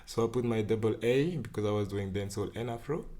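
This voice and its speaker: Speaking quickly in a lowish voice with a dark tone, this podcast guest chats casually about his work as a dance organizer. He's from the Central African Republic and chuckles frequently, his phrasing loose and rambling in this interview.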